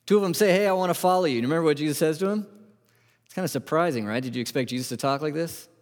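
A man's voice: a little high, racing. A man preaching a conversational sermon as pastor, asking his listeners many rhetorical questions and often restarting words. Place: church sanctuary. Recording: long hall reverb.

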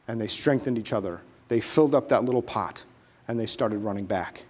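A man's voice: fairly low pitch, brisk, husky. A man preaching a sermon, dramatically retelling a Bible story and acting out the characters as he goes. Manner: animated, dramatic retelling with acted voices.

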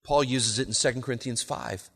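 A man preaching an expository sermon, rising in pitch on key words and slowing down to read quotations. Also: a bit bright, slightly rough. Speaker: pastor. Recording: long reverb of a large hall.

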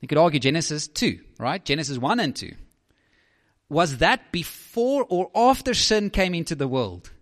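A man's voice: a little high, sing-song, normal speed, in a large hall. A man preaching a sermon as a pastor, emphatic, often putting questions to the listeners.

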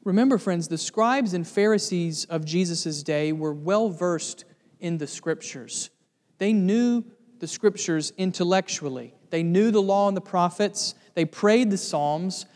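A man's voice: high-pitched, a little slow, a little mellow, in a large hall. A man preaching a sermon as pastor, earnest and building to emphatic lists of words.

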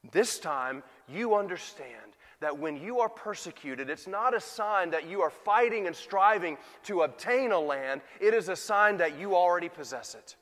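A man with a high-pitched voice preaches a sermon. He drops to quiet asides, then climbs to emphatic peaks. His words ring out with the long reverb of a large hall. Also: animated, moderate pace, hardly any pauses. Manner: preaching with big swings in loudness, rising to emphatic peaks. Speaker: pastor.

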